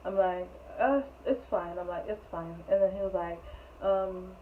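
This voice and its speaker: A woman's voice: on the low side, steady tone, normal speed. Young woman telling a story, tinny sound. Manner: chatty, rambling, laughs often. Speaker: storytelling vlogger. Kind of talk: casual storytime. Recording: tinny phone-like sound with faint noise.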